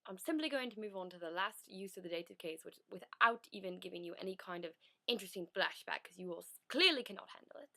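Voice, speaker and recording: A woman's voice: mid-range voice, lively intonation, quick pace, creaky, bright, forceful tone. Woman giving an exasperated lesson. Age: teens. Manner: exasperated, lecturing. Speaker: student playing a teacher. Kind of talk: school project lesson skit.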